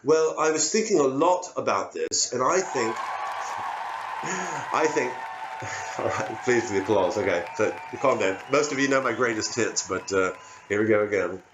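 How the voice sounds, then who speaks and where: A man's voice: mid-range voice, animated, moderate pace, background noise, natural voice. A man doing a pompous ex-premier. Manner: rambling, pompous, mock-solemn. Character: pompous middle-aged male British ex-prime minister, rambling. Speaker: stand-up comedian. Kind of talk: satirical stand-up impression. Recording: dull lo-fi live recording.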